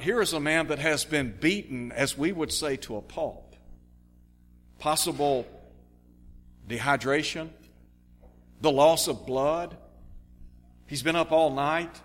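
A man's voice: fairly high pitch, slow pace, long pauses, big-room sound. A man preaching a radio sermon, reading scripture aloud and explaining it earnestly.

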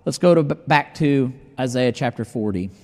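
A man's voice: medium pitch, lively intonation, moderate pace, mellow, big-room sound. A man preaching a sermon, reading scripture and acting out the doubts of his listeners in dramatic asides.

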